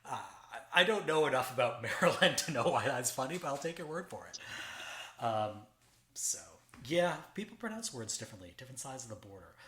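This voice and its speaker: A man with a Canadian accent, hosting a casual podcast chat and trailing off into quiet asides. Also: mid-range voice, sing-song, a little fast, echoey room.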